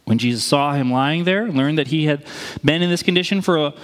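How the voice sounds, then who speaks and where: A man preaching a sermon as pastor, speaking in a lively, conversational way and acting out quoted lines. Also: on the high side, brisk. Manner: animated, conversational, acts out quotes. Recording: reverberant hall.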